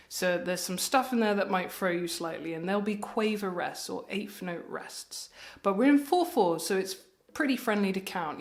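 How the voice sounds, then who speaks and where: Woman ukulele tutor, chatty and encouraging, mid pitch, echoey room. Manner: chatty and encouraging, counts beats aloud. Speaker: music tutor. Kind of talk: friendly instrument tutorial. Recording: roomy echo with ukulele playing.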